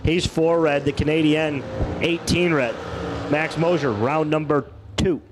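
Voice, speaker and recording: Brief: male race announcer, a bit high-pitched, folksy and joking, faint track noise. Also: fairly even intonation, unhurried. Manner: folksy, playful announcer banter. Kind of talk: live race commentary. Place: outdoor dragway.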